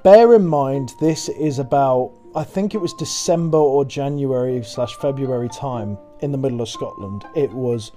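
A young man tells a loose, rambling anecdote, swearing freely and laughing as he goes. His voice is mellow and soft-edged, sitting at an ordinary middle pitch for a man. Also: moderate pace, hardly any pauses, soft background music. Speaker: storyteller. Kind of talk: casual anecdote.

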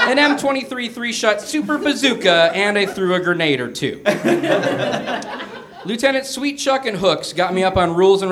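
Animated man reading a comic story live. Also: high-pitched. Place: small theater with a live audience. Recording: noisy live stage recording.

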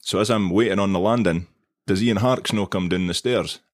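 A man's voice: low-pitched, moderate pace, no room sound, clean studio sound. A Scottish man co-hosting a podcast, telling a long self-mocking anecdote in casual chat. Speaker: podcast co-host.

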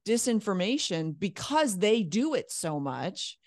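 A woman hosting a casual interview, chatty and quick to interject. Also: medium pitch, big pitch swings, no echo, clean studio sound. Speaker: interview host.

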